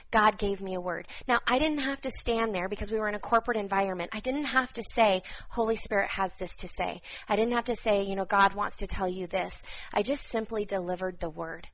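A woman's voice: medium pitch, fairly quick, rough recording. Woman, 30s, fervent live-stream prophetic minister, repeats key phrases. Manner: fervent, repetitive, with soft laughs. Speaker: prophetic minister giving words to viewers.

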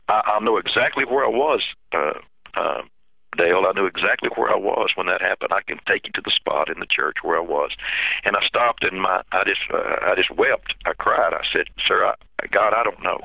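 Pastor, very low gravelly voice, halting and emotional, phone-line sound. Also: male voice, no echo. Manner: halting, repeats himself, emotional. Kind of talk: telling a personal story in an interview.

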